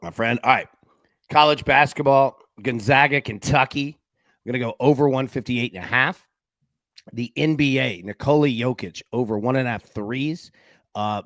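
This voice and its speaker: A man's voice: medium pitch, a bit bright, no room sound. A man hosting a live sports betting show, upbeat, rattling off picks and reading chat comments aloud.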